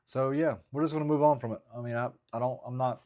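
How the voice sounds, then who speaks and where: A man talks through his stand-up drafts in a relaxed vlog style. He rambles with frequent restarts and self-critical asides. His voice sits at an ordinary male pitch. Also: fast talker. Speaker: stand-up comedian. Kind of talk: casual vlog, working through stand-up material.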